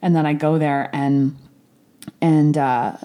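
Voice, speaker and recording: A woman with a low, dark and mellow voice speaks openly about a hard personal experience. She is frank, swears freely and often restarts her sentences, with raw emotion close beneath the surface. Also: steady tone, slow. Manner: emotional, at times near tears. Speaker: storyteller recounting a family crisis. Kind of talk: candid personal monologue.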